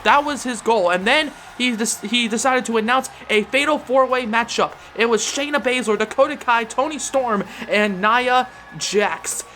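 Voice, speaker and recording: A young-adult host calling a wrestling video game, play-by-play, shouting out the big moves and laughing in disbelief. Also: mid-range voice, a little hiss or hum. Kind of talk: excited play-by-play commentary.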